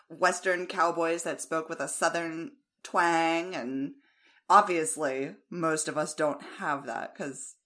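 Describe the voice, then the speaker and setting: A woman's voice: low-pitched, lively intonation, slow, pushed and bright. An American woman co-hosting a podcast in casual chat, speaking frankly and with plenty of opinion. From United States. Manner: frank, opinionated, laughs easily. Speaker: podcast co-host.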